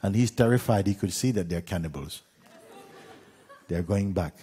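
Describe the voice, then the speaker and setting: A man gently telling a parable as a spiritual teacher, unhurried, with pauses and soft fillers. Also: low voice, slightly rough, some chatter behind. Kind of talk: gentle spoken storytelling.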